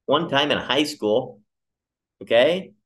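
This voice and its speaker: A young man hosting a podcast, telling a comic story alone and acting out the people he quotes in jumpy, animated voices. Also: mid-range voice, slow. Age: young adult. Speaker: podcast host. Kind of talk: casual comedic monologue.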